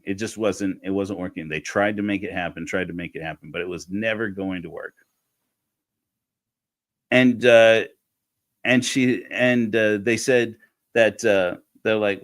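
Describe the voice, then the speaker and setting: Man, lowish voice, casual rambling storyteller with many self-corrections. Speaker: speaker giving a talk.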